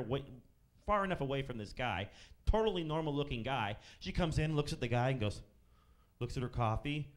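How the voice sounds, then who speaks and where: Stand-up comic, male, 30s, sardonic and profane, mid-range voice. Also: mid-range voice. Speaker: stand-up comedian. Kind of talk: stand-up set. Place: comedy club stage.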